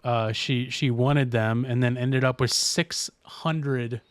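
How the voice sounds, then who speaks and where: A man's voice: mid-range voice, steady tone, takes it slowly, clear, resonant tone, no echo. A man hosting a podcast in casual chat, rambling and reading news aloud with restarts. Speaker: podcast host.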